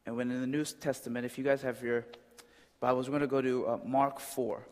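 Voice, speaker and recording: A man's voice: medium pitch, little pitch movement, a little fast, darkish tone. A man preaching a conversational sermon as a pastor, often checking in with "right?". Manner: conversational, with frequent "right?" asides. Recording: long reverb of a large hall.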